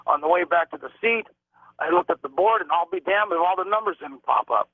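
A middle-aged man calling in to a radio show, telling a story in an animated way and acting out the lines people said. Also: high voice, a little fast, dry recording. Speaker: caller. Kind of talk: phone-in storytelling. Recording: tinny phone line, dry.

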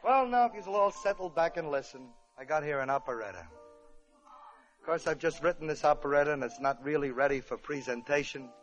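A man hosting a radio show, telling a comic story with wry, deadpan asides. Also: fairly high pitch, a little fast. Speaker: comedian host. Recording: muffled old radio broadcast with band music.

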